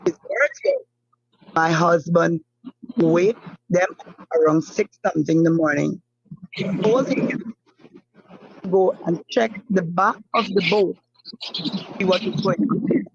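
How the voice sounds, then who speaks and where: A woman whose husband is a missing fisherman recounts events in an interview, halting and repeating herself with many fillers. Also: fairly low pitch, husky, no echo, highs cut off. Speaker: family member of a missing fisherman, interview guest. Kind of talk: emotional first-hand account in an interview.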